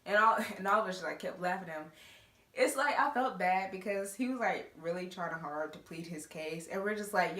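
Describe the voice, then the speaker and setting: A young woman casually telling a school story on her vlog, animated and quick to laugh, with slangy asides. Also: on the low side. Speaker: storytime vlogger. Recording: roomy echo.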